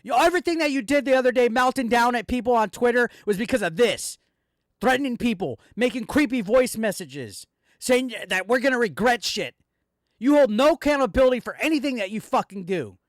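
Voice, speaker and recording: A man's voice: very high-pitched, animated, fairly quick, no room sound, studio quality. A man hosting a commentary video, ranting angrily and swearing constantly as he speaks directly to a rival. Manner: profane, heated ranting addressed straight at a rival. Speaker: commentary channel host. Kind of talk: angry reaction commentary.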